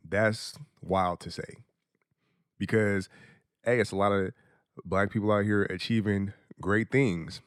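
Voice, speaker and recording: A man's voice: fairly low pitch, steady tone, a little slow, fairly bright tone, smooth, no echo, clean studio sound. A young adult man hosting a podcast, talking in a blunt, profane, casual monologue and laughing often. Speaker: podcast host.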